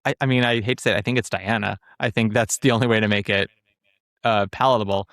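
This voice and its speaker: A podcast host with a fairly low voice talks fast on a dry recording. He chats casually but holds strong, animated opinions about theater, often trailing off and starting his thoughts over.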